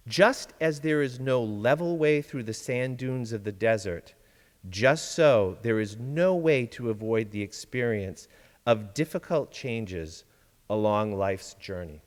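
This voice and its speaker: A man giving a sermon-style reflection from a church pulpit, measured and deliberate, with dramatic pauses. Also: medium pitch, animated, big-room sound. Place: large church sanctuary.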